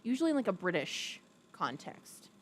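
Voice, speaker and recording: A woman's voice: sing-song, moderate pace, a little hiss or hum. Chatty woman live-streaming. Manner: chatty, rambling, reads chat aloud; coos in a high baby voice to a pet. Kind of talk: casual live-stream chat. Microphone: streaming setup with a ring light.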